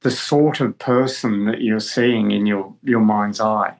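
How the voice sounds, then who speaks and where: An older man, a guest actor, spinning a long anecdote with halting restarts. He talks in a relaxed, conversational way and comes through on a video call. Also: on the low side, rough recording. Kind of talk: storytelling in conversation.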